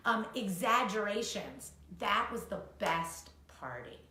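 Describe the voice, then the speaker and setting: A woman co-hosting a live talk, animated and quick to act out little quoted voices, swearing freely. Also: mid-range voice. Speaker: co-host, coach. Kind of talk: live-streamed casual talk. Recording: echoey room.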